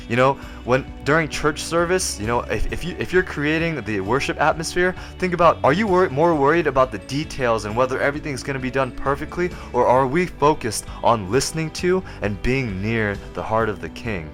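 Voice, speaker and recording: A man's voice: medium pitch, expressive, a little fast, a bit bright, soft background music. Earnest man giving a devotional. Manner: earnest, conversational, with fillers. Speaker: vlog host giving a devotional. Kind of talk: short devotional talk to camera.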